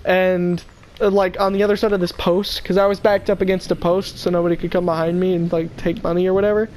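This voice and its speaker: A young woman, co-hosting a casual podcast and telling a funny story with lively impressions. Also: quick pace, slight background noise, rough recording. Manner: animated, mimics a drunk stranger in a high wail. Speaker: podcast co-host.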